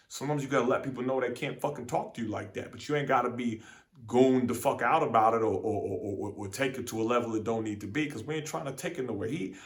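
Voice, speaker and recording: A young man talking straight to camera in a casual, profane monologue, venting with lots of repeats and fillers. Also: mid-range voice. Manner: animated, profane street talk, repeats "man". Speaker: vlogger.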